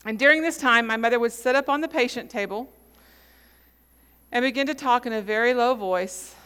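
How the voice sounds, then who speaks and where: A woman in her forties preaching a sermon, telling a story with measured, dramatic pauses. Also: on the high side, a bit bright, clear, resonant tone, big-room sound. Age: 40s.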